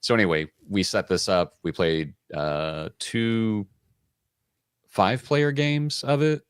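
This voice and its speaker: Deep-voiced guy cohosting a board game show, rambly stories, dry close sound. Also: slow pace, clear, resonant tone, no room sound. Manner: rambling storyteller, acts out quoted dialogue. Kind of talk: casual chat.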